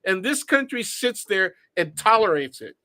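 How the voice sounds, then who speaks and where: Male co-host, high voice, dry and close to the mic, argumentative and laughing often. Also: sing-song, moderate pace, bright, forceful tone, no echo. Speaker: co-host commentator. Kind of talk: casual political chat.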